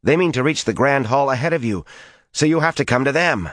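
A man voicing a frantic, loyal young woman who pleads breathlessly in a raised, high voice. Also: animated, brisk, a bit bright, no echo, studio quality, natural voice.

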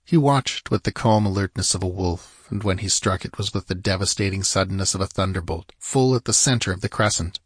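A man reading an adventure story aloud in steady, measured scripted narration. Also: sits low, breathy edge, dry recording, clean studio sound. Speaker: audiobook narrator.

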